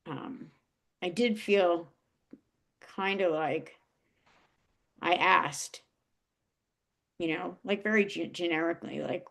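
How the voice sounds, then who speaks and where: Slow, gravelly woman telling a personal story. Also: on the low side. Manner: emotional, halting, many restarts and fillers. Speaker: guest.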